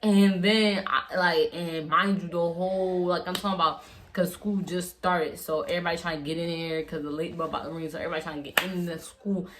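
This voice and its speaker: A woman's voice: fairly low pitch, steady tone, fairly quick, background noise. Rambling young woman telling a story. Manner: rambling, slangy, many fillers and restarts. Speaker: vlogger. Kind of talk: casual storytime.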